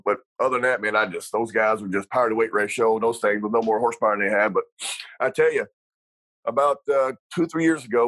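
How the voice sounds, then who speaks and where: A man's voice: mid-range voice, a bit bright, poor audio. A middle-aged man, a retired racer telling salty stories in a casual interview, rambling with lots of fillers and laughs.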